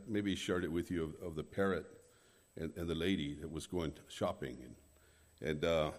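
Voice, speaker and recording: Halting preacher from New Mexico, lowish voice. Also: male voice, in a large hall. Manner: halting, with many restarts and fillers, growing more forceful. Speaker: guest preacher. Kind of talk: sermon with prayer. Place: church.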